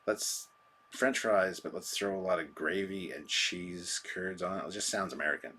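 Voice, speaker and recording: Low husky guy rambling thru live chat comments, laid back and self-deprecating. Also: normal speed, bright, forceful tone. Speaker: live stream host. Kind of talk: casual live chat, answering viewer comments.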